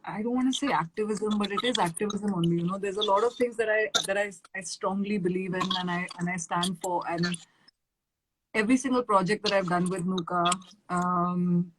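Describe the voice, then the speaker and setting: A woman's voice: medium pitch, normal speed, background noise. A woman with an Indian English accent, a musician guest in a casual live-stream chat, telling stories animatedly with lots of fillers and acted-out quotes.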